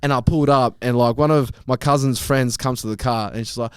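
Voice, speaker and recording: A young man telling a story on a podcast, animated and swearing freely. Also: medium pitch, brisk, clear, resonant tone, no echo, studio quality. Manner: animated, swears freely, acts out quoted lines. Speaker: podcast guest. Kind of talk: casual storytelling chat.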